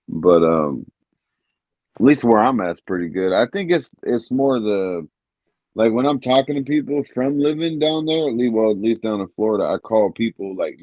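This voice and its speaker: A relaxed man rambling on a casual livestream panel. His voice is lowish. The audio is dry and slightly muffled. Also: no echo. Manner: rambling, relaxed, many fillers. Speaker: panel guest.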